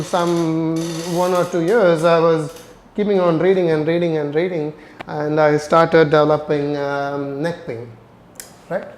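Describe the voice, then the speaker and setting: Middle-aged guy rambling thru a story, lots of ums, kinda high voice, echoey room. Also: flat delivery, unhurried, slight background noise. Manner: hesitant, many ums and uhs, tags "right?". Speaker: host of a neurorehabilitation channel. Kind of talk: casual storytelling talk.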